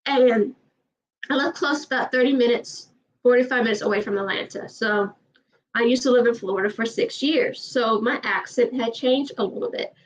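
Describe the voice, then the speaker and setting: Southern woman from georgia, high voice, kinda far from the mic, muffled stream sound. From Georgia, USA. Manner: fast, emphatic, repeats herself. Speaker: livestream host. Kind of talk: casual chat. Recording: distant, dull livestream audio.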